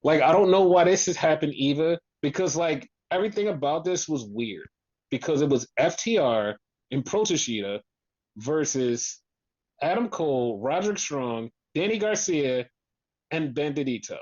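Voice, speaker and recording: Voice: medium pitch, expressive, moderate pace, a little mellow. A podcast co-host ranting in exasperation through a casual wrestling recap, swearing often. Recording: dull lo-fi sound.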